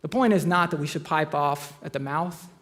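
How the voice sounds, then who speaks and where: A pastor with a notably high voice preaches to his congregation in a church auditorium. He keeps it conversational and teases the room as he tells stories from his own life. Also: normal speed, a bit bright. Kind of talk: sermon with humorous personal stories.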